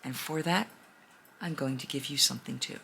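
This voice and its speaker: A woman voicing a gentle, grateful male dragon, speaking low, slow and solemn in a spoken storytelling. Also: creaky, slight background noise, exaggerated voice.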